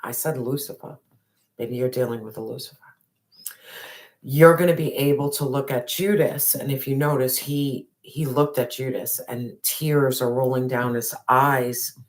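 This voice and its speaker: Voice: mid-range voice, a little slow. Emphatic, repetitive tarot reader. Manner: emphatic and repetitive, speaking directly to the viewer; casual slang and swearing. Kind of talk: spiritual tarot reading.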